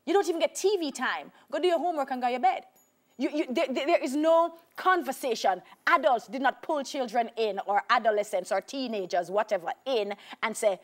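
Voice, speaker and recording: A woman with a Jamaican accent, a talk show guest telling her life story with emphatic repetition. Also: sits high. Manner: animated storyteller, acts out voices, emphatic repetition.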